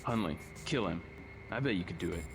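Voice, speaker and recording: A man's voice: deep voice, expressive, fairly quick, vocal fry. An actor playing a paranoid, resentful male office technician in a video game. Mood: bitter. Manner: resentful, fatalistic. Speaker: game character. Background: game music.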